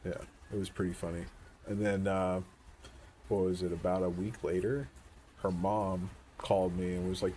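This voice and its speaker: A man's voice: sits low, flat delivery, mellow. A man in his forties, talking outdoors in a rambling, reflective, casual way and swearing now and then. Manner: musing, unhurried, casual with swearing. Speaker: vlogger. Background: faint wind noise.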